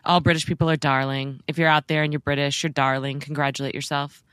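A woman with a low voice co-hosts a podcast in casual chat. She teases her partner and pokes fun at herself with a wry, dry humor, heard close up in a dead, dry room. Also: flat delivery, quick pace, a bit bright, smooth, dry recording. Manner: wry, teasing, self-deprecating. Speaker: podcast co-host.

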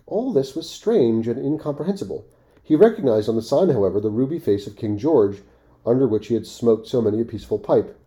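Dark-voiced man reading a classic tale. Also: medium pitch, fairly quick. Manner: expressive reading, dropping to offhand asides. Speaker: podcast host reading a classic story. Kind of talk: storybook reading with casual asides.

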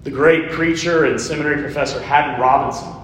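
Pastor, male, emphatic sermon delivery, fairly high voice, roomy church sound with faint rumble. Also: steady tone, fast, fairly bright tone. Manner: emphatic preaching with repeated rhetorical lists.

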